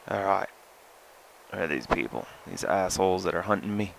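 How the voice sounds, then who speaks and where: A young man giving casual gameplay commentary, goofy and swearing, who often jumps into high excited yelling. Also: normal speed, vocal fry, slight background noise, poor audio. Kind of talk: casual let's-play commentary.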